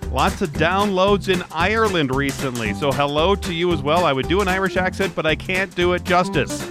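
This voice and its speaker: A man's voice: high voice, fairly quick, music in the background. A middle-aged man hosting a casual transportation podcast, rambling with frequent restarts. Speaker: podcast host and traffic reporter.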